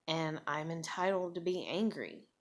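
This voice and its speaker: A woman's voice: low-pitched, measured pace. A woman venting angrily and bluntly to camera, swearing often. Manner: angry, profane, blunt. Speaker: vlogger. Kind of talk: personal vent to camera.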